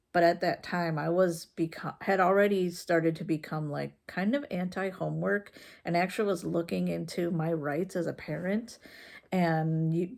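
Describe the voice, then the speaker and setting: Mom vlogger, low gravelly voice, unhurried, halting, frank storyteller. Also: female voice, a little mellow. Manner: slow, halting, with many fillers and restarts; frank and conversational. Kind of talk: casual personal storytelling.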